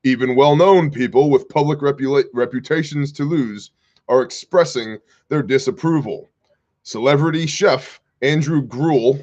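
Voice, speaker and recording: A man's voice: mid-range voice, moderate pace, darkish tone, dull audio. Wry man hosting a livestream commentary. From Kansas. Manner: wry, sarcastic asides, reads chat comments aloud. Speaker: commentary show host.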